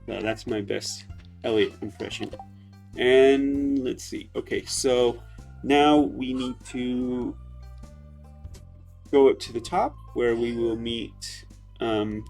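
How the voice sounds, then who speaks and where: A man casually commenting on gameplay in a relaxed, chatty way, with frequent hesitations. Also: medium pitch, slow, vocal fry, pauses often, faint music behind. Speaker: let's play host.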